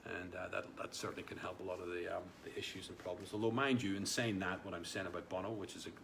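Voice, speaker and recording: A man's voice: deep voice, fairly even intonation, fast, gravelly, fairly bright tone, slight background noise. A man hosting a casual live stream, reading out viewer comments in a rambling way, with many fillers and repeated words. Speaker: livestream host.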